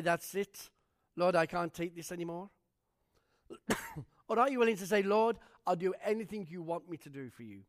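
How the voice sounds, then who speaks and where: A male pastor preaching a storytelling sermon, animated and acting out the voices of the people in his stories. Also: high-pitched.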